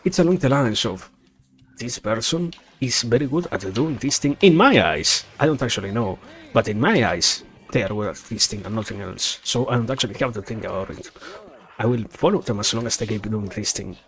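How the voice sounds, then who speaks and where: A man's voice: fairly low pitch, animated, a little fast, fairly bright tone. A man streaming a racing game, chatting casually with viewers, rambling and correcting himself, swearing now and then. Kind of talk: casual gaming stream chat.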